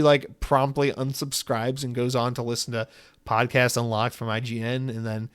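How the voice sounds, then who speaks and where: A man's voice: medium pitch, level tone, moderate pace, clear, resonant tone, no echo, clean studio sound. A man hosting a solo podcast, reading listener mail in a rambling, profane, self-deprecating chat.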